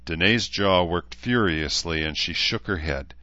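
Low-voiced guy narrating a novel, steady pace, kinda dull lo-fi audio. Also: moderate pace, few pauses, no room sound. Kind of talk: scripted narration.

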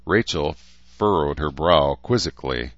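A man with a very deep voice narrates a novel in an even, steady manner. The recording is close and dry, with slightly dulled highs. The delivery stays plain throughout. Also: a little slow, no room sound, muffled recording. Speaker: audiobook narrator. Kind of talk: scripted narration.

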